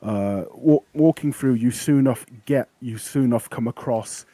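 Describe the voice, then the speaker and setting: Casting: male game master, mellow, dark tone, easygoing narration with frequent ums and restarts. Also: medium pitch, no room sound. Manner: relaxed, halting, with many fillers and restarts.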